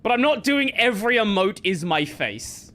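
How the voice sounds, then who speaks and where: Male streamer, lively high voice, rambling, swears casually. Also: moderate pace. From Australia. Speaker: gaming streamer. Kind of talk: casual gameplay commentary.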